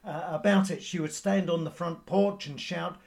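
A man preaching a sermon in a measured, halting way, with frequent pauses and fillers. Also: sits high, fairly even intonation, creaky, a little mellow.

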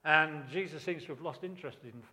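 A man's voice: on the high side, brisk, pushed and bright, big-room sound. A man preaching a sermon emphatically, repeating key phrases and asking rhetorical questions.

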